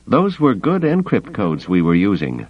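A man voicing a sharp, skeptical male smuggler with a dry manner. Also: lowish voice, huge pitch swings, moderate pace, breathy edge, dry recording, lo-fi sound, pitched above the performer's own voice, full character voice.

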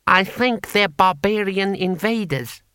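A man doing a shrill fussy tax official. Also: unhurried, pushed and bright, smooth, no echo, clean studio sound. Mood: proud. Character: fussy excitable male imperial tax official.

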